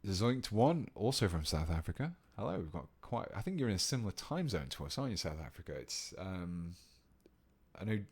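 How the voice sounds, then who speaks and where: A British man with a low, husky voice talks briskly while painting on a live stream, giving a casual tutorial. He's relaxed and chatty, reading viewer comments aloud as he works.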